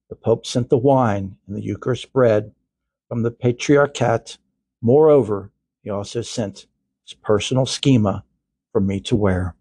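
A man's voice: on the low side, dark tone, dry recording. An older male podcast host reading a story aloud, with earnest, chatty asides.

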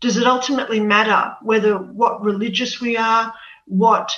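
A woman recounts her experience as an interview guest, earnest and repeating words as she searches for them. Her voice is bright and fairly high. She sounds set back from the mic in an echoey room, with a dull, muffled tone. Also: fairly even intonation, normal speed, far from the mic. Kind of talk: personal storytelling interview.

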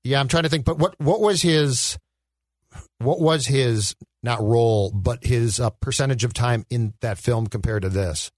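A man co-hosting a casual movie podcast, talking in an animated way and asking rhetorical questions. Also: a little slow, no echo, studio quality. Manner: animated, rhetorical, swings in pitch. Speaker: podcast co-host.

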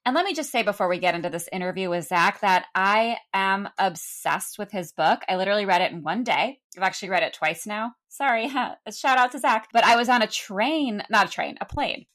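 A chatty woman co-hosting a podcast, gushing and quick to laugh. Her voice sits at an ordinary middle pitch for a woman. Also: a bit bright. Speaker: podcast co-host. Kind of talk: casual podcast chat and guest introduction.

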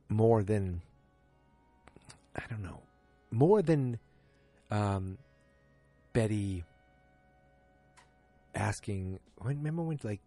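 A man casually recapping a TV episode, rambling and animated, with chatty asides to viewers. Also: on the low side, breathy edge, no echo.

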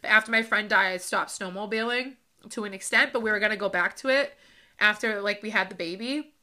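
A woman in her thirties talks through her own life story on a podcast. Her voice is bright and clear, and she speaks in a loose, unscripted way with many fillers. She sounds close to tears at times. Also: medium pitch, brisk. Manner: emotional, with frequent fillers and laughs. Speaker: podcast host. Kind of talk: personal storytelling monologue.

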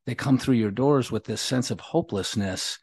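A man's voice: mid-range voice, moderate pace, a little mellow, slightly rough. A man hosting a leadership podcast, affirming his guest in a conversational way and often restarting and repeating his phrases. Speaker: podcast host.

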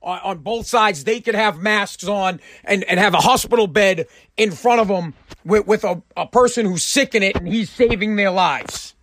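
A man's voice: high-pitched, moderate pace, a bit bright, no echo. A man delivering a crude, fired-up opinion rant to camera, emphatic, with stumbling restarts. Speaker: vlogger.

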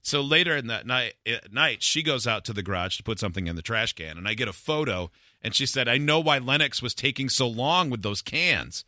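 A man's voice: mid-range voice, a little fast, dry recording, studio quality. A man hosting a radio call-in show, telling stories in a casual chat and acting out quotes in a raised voice. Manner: animated storytelling, acts out quotes in a raised voice.

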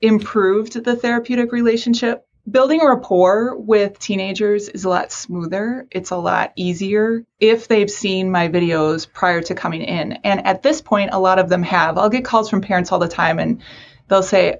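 A woman's voice: mid-range voice, normal speed, muffled recording. A woman counselor for teens, chatting casually in an interview, self-deprecating and laughing often. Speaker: mental health counselor for teens.

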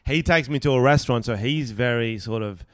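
A young man co-hosting a podcast, telling stories in casual chat, animated and swearing freely with frequent laughs. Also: mid-range voice, fairly quick, no room sound, clean studio sound. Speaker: podcast co-host.

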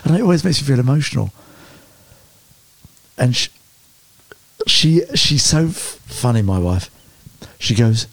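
A man telling lively personal stories as an interview guest, often stumbling and restarting mid-sentence. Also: mid-range voice, unhurried, vocal fry, pauses often, husky. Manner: animated anecdotes with hesitant restarts. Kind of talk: storytelling interview chat.

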